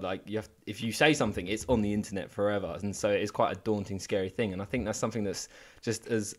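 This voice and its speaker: A man's voice: on the low side, fairly even intonation, quick pace. A man hosting a podcast interview, chatty and laughing often, often trailing off and restarting his sentences. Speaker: podcast host. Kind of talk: casual interview.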